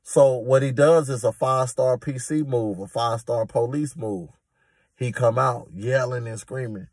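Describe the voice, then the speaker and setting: Husky streetwise man telling a story. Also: medium pitch, moderate pace, a little mellow, no room sound. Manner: streetwise, emphatic, slangy. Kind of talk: casual prison storytelling.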